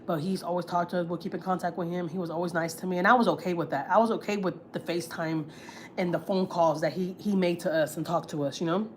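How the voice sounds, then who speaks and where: A woman's voice: lowish voice, steady tone, fast, slight background noise. A woman, a family vlogger, tells gossip on a livestream in a blunt, heated, profane way. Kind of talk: casual storytelling, gossip.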